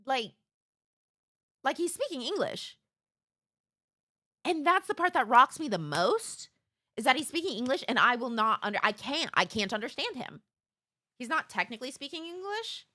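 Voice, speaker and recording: A woman streamer reacting casually and excitedly to a video. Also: high voice, normal speed, long pauses. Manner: animated, exclaiming, laughing.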